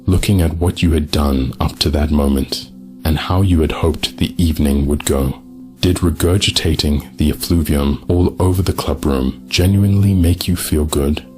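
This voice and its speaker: A man playing a calm male doctor who counsels with gentle, probing questions. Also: a bass voice, moderate pace, faint music behind.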